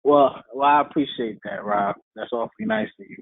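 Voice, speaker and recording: Gravelly man on a tinny call line. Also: mid-range voice, big pitch swings, dry recording. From New York. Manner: joking, then measured and thoughtful. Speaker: webinar guest. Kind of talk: casual discussion. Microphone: video call.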